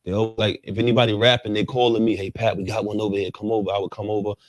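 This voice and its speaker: A man's voice: level tone, rapid-fire, no echo. A man telling his story as an interview guest, full of street slang and acting out the lines of the people in it. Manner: street slang, acts out quotes with jumps in pitch. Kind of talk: animated storytelling.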